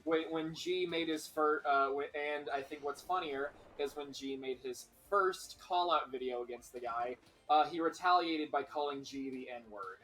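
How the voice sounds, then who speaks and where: A man's voice: a little high, moderate pace, few pauses, a bit bright, soft background music, poor audio. A man on a casual game stream, rambling through a story with lots of fillers and swearing. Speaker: streamer co-host.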